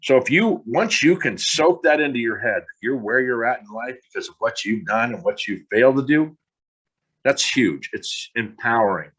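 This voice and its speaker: A man's voice: mid-range voice, lively intonation, moderate pace, a bit bright, slightly rough. A middle-aged man hosting a podcast, talking bluntly in a frustrated monologue and swearing casually. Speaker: podcast host.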